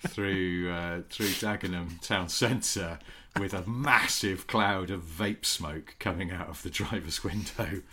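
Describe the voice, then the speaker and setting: A man, co-hosting a comic chat, rambling and giggling, often trailing off quietly. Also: low voice, slow, background noise. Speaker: podcast co-host. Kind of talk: casual comedic chat.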